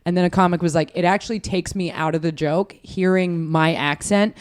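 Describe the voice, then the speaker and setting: A woman's voice: on the low side, fairly even intonation, fairly quick, clean tone. An American woman comedian with an East Coast accent, telling stories animatedly and swearing freely as a podcast guest. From United States. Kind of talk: casual interview chat.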